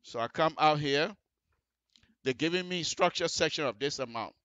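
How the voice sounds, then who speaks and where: A man's voice: a little high, normal speed, fairly bright tone, clean tone, dry recording, highs cut off. A man teaching road construction and design on a radio show, walking listeners through the details and checking often that they follow. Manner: explanatory, repeats checks like "you see the difference?". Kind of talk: on-air technical tutorial. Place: radio studio.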